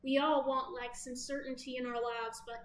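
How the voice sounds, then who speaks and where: A woman's voice: high-pitched, little pitch movement, normal speed. A woman with a Southern American accent gives a casual, chatty tarot reading, full of playful asides. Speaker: tarot reader. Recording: echoey room with faint background noise.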